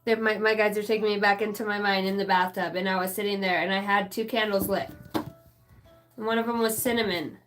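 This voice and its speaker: A woman's voice: medium pitch, steady tone, fairly quick, fairly bright tone, faint music behind, low-quality recording. A woman in her thirties giving a casual, profane, rambling live tarot reading as a channeler. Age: 30s.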